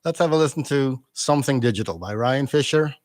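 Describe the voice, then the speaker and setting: A man's voice: mid-range voice, fairly quick, no echo, clean studio sound. A man hosting a community radio interview who talks in a hesitant way, full of fillers and restarts. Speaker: radio host.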